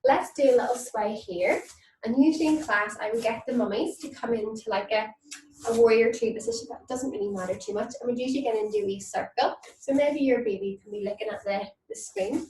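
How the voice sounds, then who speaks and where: A woman leading a mum and baby yoga class, gentle and encouraging, recorded in a room away from the mic. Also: on the high side, fairly quick, a little hiss or hum. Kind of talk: online yoga class instruction with nursery songs. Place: indoor room, moving around on camera. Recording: echoey room, mic at a distance.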